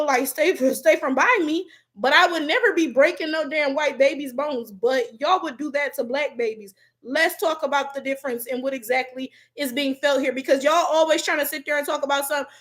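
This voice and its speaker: Blunt high-voiced Detroit woman. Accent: African American Vernacular English, Detroit. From Detroit, USA. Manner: blunt, profane, animated. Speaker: YouTube host reading comments. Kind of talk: casual livestream commentary.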